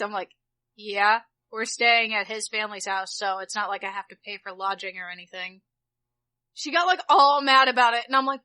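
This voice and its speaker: A woman's voice: a little high, fairly quick. A woman in her twenties, a podcast co-host, telling stories in casual chat and acting out the people she quotes. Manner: animated storytelling, acts out quoted voices.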